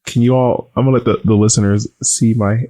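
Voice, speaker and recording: A man's voice: medium pitch, fairly even intonation, brisk, dark tone. A man co-hosting a podcast, talking in a campy, sassy way, his voice subdued while recovering from surgery. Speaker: podcast co-host. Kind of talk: casual chat.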